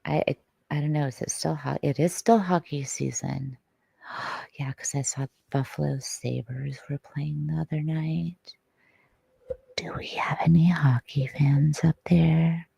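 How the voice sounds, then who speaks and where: A woman's voice: low-pitched, fairly even intonation, unhurried, creaky, warm tone, breathy edge, dry recording. A woman from Detroit chatting casually to her livestream viewers, rambling, swearing and now and then dropping to a whisper.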